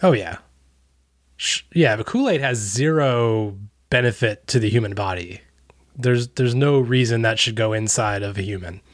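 A man's voice: on the low side, moderate pace. An American man co-hosting a casual chat, riffing with jokey, exaggerated asides. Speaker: co-host.

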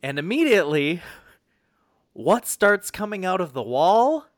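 Casual male storyteller, expressive and profane, pitch leaping around, dry close sound. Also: unhurried, dry recording. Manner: animated, swears freely, lots of fillers and restarts. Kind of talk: casual anecdote.

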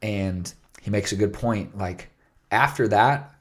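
A man's voice: on the low side, slow pace. A man co-hosting a podcast, chatting casually and acting out quoted dialogue as he tells a story. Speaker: podcast co-host.

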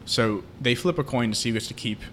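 A man's voice: mid-range voice, quick pace, a bit bright, slight background noise. A man co-hosting a podcast, retelling a film plot in casual chat, with many fillers. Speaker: podcast co-host.

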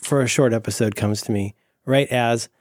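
A man's voice: medium pitch, fairly even intonation, moderate pace, darkish tone, dry recording, clean studio sound. A man chatting casually on a remote podcast call, rambling and restarting, with playful bursts of silly voices. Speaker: podcast guest. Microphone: remote call mic.

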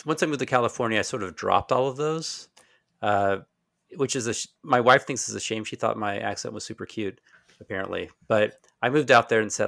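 Male guest, bright forward tone, mostly neutral accent with a faint Southern trace, animated. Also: on the low side, brisk, creaky. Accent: mostly neutral American, faint Southern. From Louisville, Kentucky. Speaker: podcast guest. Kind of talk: casual chat.

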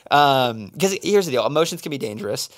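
A man's voice: mid-range voice, brisk. A middle-aged man co-hosting a casual faith-based conversation, his voice sitting in an ordinary middle register. He tells stories with energy and slips into little acted-out voices for the people he quotes. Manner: animated storyteller, acts out quotes. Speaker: podcast co-host.

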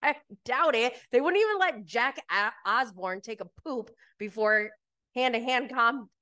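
A woman hosts a podcast, casually and animatedly recapping reality TV while laughing often and saying "like" constantly. Her high-leaning voice is bright and forceful, and she keeps a measured pace.

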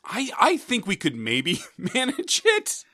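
A man co-hosting a podcast, chatting casually and joking with a giggly, animated manner. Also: extremely high pitch, slow pace. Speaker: podcast co-host.

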